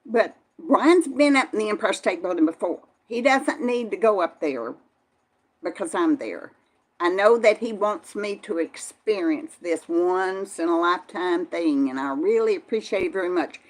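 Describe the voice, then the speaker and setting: A woman's voice: fairly low pitch, expressive, moderate pace. An older woman, chatting casually on a live stream and answering viewers by name in a folksy way. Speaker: vlog host reading live chat.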